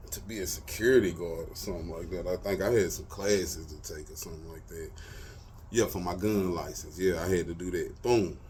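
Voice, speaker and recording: Deep and darkish in tone, this man's voice comes with slight background noise as he hosts his show. Hailing from Texas, US, he shares personal stories in relaxed slang, saying "you feel me" again and again.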